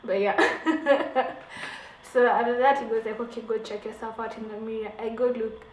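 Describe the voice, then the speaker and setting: A young woman with a fairly high voice retells a personal story with drama and laughter. Her voice sounds echoey, as if recorded in a bare room at home, with a faint hum underneath. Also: moderate pace. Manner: animated, dramatic retelling with laughs and acted-out quotes. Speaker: beauty vlogger. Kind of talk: storytelling vlog.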